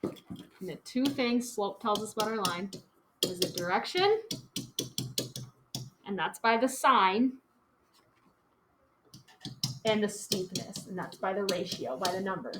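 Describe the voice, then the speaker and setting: A woman's voice: medium pitch, animated, measured pace, pauses often. A woman teaching a class, chatty and casual, filling her talk with "like" and "okay". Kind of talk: classroom lecture. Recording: echoey classroom, faint noise.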